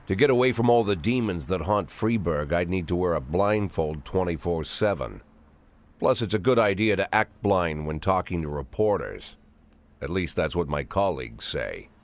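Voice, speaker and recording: A man voicing a world-weary police chief of sixty, narrating the game in a dry, sardonic inner monologue. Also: low voice. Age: 60s. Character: aging gruff male police chief, cynical, world-weary.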